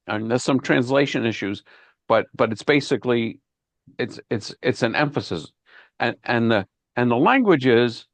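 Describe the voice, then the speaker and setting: Man, rabbi teaching online, video-call sound, dry close sound, mid-pitched voice, repeats words as he thinks. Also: expressive, moderate pace, no echo. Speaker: rabbi teaching a Bible class. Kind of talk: informal online Bible class.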